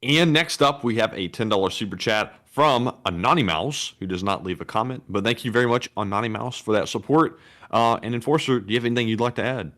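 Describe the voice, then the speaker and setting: A man co-hosting a casual live stream, reading out donations in an even, plain way. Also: medium pitch, a little fast.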